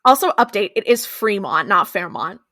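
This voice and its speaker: A woman's voice: medium pitch, big pitch swings, moderate pace, bright, forceful tone, no echo, studio quality. A woman co-hosting a podcast, giving a chatty, giggly episode recap. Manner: chatty, giggly, lots of fillers and acted quotes. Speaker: podcast co-host.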